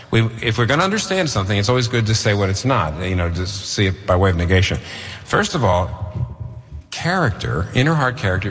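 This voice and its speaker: A man's voice: low-pitched, a bit bright, big-room sound. A man preaching a sermon, emphatic and rhetorical, repeating phrases for effect. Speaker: pastor.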